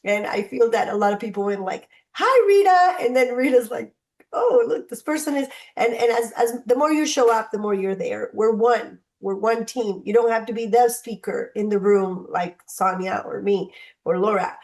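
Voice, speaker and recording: A woman hosts a mentoring session over a video call. Her pitch sits in the middle range, and her talk is chatty and encouraging as she calls on members by name. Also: fairly even intonation, normal speed, darkish tone. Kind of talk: casual motivational talk on a group call.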